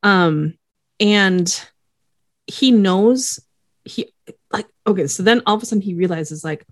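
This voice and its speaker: A woman co-hosting a podcast, casually recapping a TV episode, with relaxed fillers like "um" and "yada, yada.". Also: medium pitch, slow pace, no room sound, clean studio sound. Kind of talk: casual chat.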